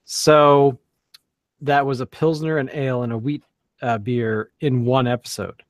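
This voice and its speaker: A man's voice: medium pitch, steady tone, unhurried, no room sound. A man co-hosting a casual beer podcast, rambling with many fillers and restarts. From Canada. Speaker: podcast co-host. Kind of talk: casual chat.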